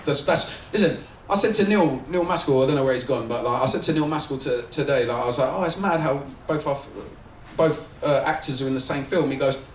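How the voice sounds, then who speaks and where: A man's voice: medium pitch, brisk. A man, a film director at a festival Q&A, rambling, swearing and laughing as he talks. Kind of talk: festival Q&A after a screening. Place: screening venue with an audience. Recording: roomy, distant, audience and noise behind.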